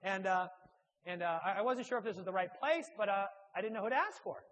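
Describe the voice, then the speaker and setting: Male church speaker, fairly high voice, halting, self-mocking storyteller. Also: animated, fairly bright tone, lo-fi sound. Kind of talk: humorous personal anecdote.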